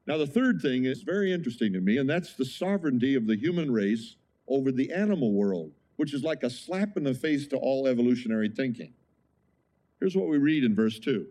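A man's voice: fairly high pitch, animated, a little fast, a little mellow. A man preaching a sermon as pastor, conversational, with frequent rhetorical questions to the congregation.

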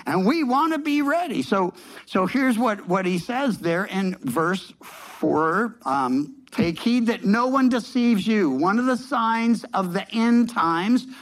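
This sermon comes from a man whose high voice has lively intonation and a slow pace, captured on a rough recording. He is a pastor explaining scripture conversationally, with many restarts, filler words, and emphatic repetition.

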